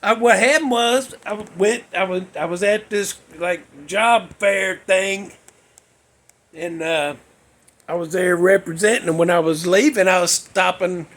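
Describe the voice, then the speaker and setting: A man with a high, gravelly voice and a husky edge tells rambling folksy stories in no hurry. He chuckles often and restarts his sentences as he talks. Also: fairly even intonation, measured pace, a bit bright. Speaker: podcast host. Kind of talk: casual rambling storytelling. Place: garage.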